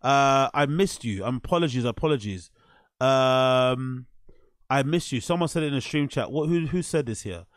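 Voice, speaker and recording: A man doing live reaction commentary on a clip, animated and incredulous, swearing often. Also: mid-range voice, normal speed, no echo, studio quality. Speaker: streamer reacting to a podcast clip.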